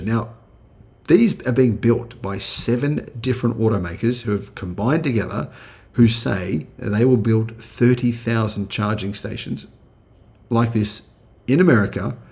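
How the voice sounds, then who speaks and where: Gravelly Australian man hosting a channel. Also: medium pitch, unhurried, a little mellow. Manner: chatty, with many fillers and restarts. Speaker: channel host. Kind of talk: casual video commentary.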